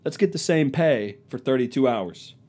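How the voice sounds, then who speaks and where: This is a man talking through a one-man podcast, his voice dark and mellow and sitting at a middle pitch. He tells stories in a loose, profane way, jabbing sarcastically at whoever annoys him and acting out what others said in mocking quotes. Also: lively intonation, moderate pace, slightly rough. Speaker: podcast host. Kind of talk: casual solo podcast monologue.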